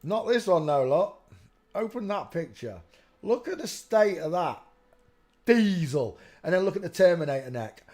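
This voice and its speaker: A man with a high, expressive voice and a darkish tone hosts a live stream at a moderate pace. His talk is casual and rambling, and he keeps telling viewers to "look" as he points at pictures.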